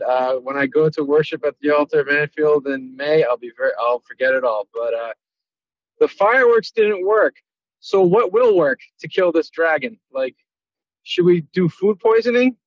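Massachusetts guy calling in about footy, excitable, a bit hesitant, muffled lo-fi sound. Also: fairly high pitch, normal speed, no room sound. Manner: self-deprecating, excitable, hesitant with fillers. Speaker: caller. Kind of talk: casual chat.

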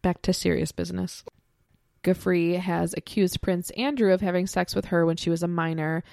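Teasing woman with a gravelly edge. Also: lowish voice, little pitch movement, moderate pace, darkish tone, dry recording, studio quality. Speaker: podcast co-host. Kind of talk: casual chat.

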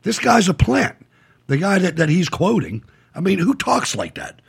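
A man's voice: high-pitched, huge pitch swings, normal speed, gravelly, husky. A man hosting casual political commentary, making scornful, sarcastic remarks over played clips. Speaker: commentator host.

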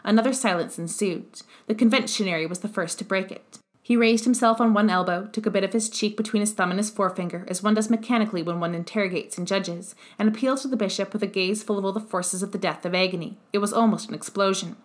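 A woman narrates a classic novel as an audiobook. Her reading is steady and measured at a medium pitch.

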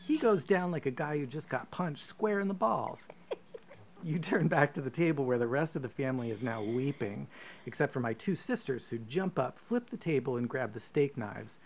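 A man co-hosting a podcast, reading a profane, comic choose-your-own-adventure story aloud with deadpan asides. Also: medium pitch, normal speed, slight background noise. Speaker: podcast co-host.

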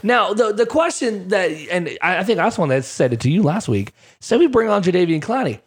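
Chatty man with a slightly high voice. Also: big pitch swings, fairly quick, husky. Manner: chatty, with frequent "uh" fillers. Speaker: podcast co-host. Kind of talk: casual sports podcast chat.

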